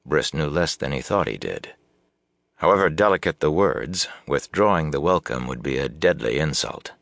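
A man reading a fantasy novel aloud as audiobook narration, with a measured, even storytelling delivery. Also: rumbling low, creaky, no echo. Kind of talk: scripted narration.

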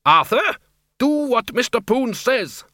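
A man's voice: very high voice, very animated, slow, no echo, pitched above the performer's own voice, heavily acted. A man voicing a fierce, bossy middle-aged woman who orders her husband about. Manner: sharp, nagging, commanding.

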